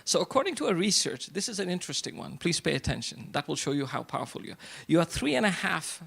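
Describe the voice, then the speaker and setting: A middle-aged man speaks from the front of a hall to a business crowd. His voice is raised and gravelly, and he throws the audience rhetorical questions and hammers home short repeated lines. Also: a little high, big pitch swings, fast, a bit bright. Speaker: event speaker. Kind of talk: motivational speech to a live audience. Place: event hall before an audience.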